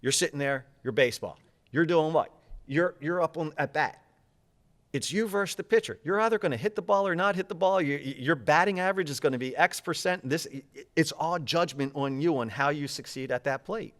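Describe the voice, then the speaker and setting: This public speaking coach has a voice on the high side and fields interview questions at a rapid, energetic clip, gesturing while he talks.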